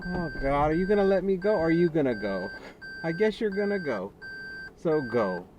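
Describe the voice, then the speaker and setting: A man's voice: on the high side, sing-song, a little fast, far from the mic, lo-fi sound. A man vlogging as a delivery driver, chatting and joking about the traffic and crowds as he drives, recorded inside his car on a dash cam. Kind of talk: casual driving commentary. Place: inside a car in Las Vegas. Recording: noisy car interior. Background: car and street noise.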